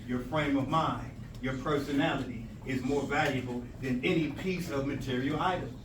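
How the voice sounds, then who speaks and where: A man's voice: medium pitch, moderate pace. Emphatic male teacher in an echoey room. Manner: emphatic, plays out quoted exchanges, plays with rhymes. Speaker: language arts teacher. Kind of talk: motivational talk to students. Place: school presentation room. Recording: echoey room from far off, with noise.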